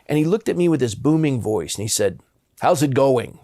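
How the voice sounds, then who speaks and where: A man's voice: mid-range voice, expressive, fast, mellow, dry recording, clean studio sound. A man in his fifties, a pastor from Southern California, earnestly telling personal stories in an interview. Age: 50s. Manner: earnest, impassioned.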